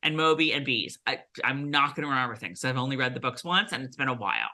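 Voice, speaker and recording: Chatty woman co-host, low voice. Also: animated, fast talker, pushed and bright. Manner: chatty, many fillers and restarts. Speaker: podcast co-host. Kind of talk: casual recap chat.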